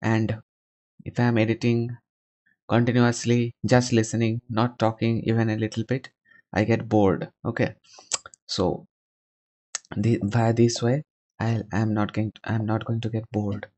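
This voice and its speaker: A man's voice: fairly low pitch, level tone, measured pace, pauses often, a little mellow. Chatty young man on a video call. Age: 20s. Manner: chatty, asks blunt questions. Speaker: video chat host. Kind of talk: casual chat and voice-over commentary.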